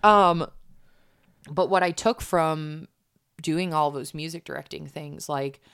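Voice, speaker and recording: A woman with a low-pitched voice talks casually, rambling with frequent fillers and restarts. The recording is dry and close. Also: steady tone, measured pace, vocal fry, clear, resonant tone, no room sound. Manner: chatty, lots of fillers and restarts. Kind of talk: casual chat.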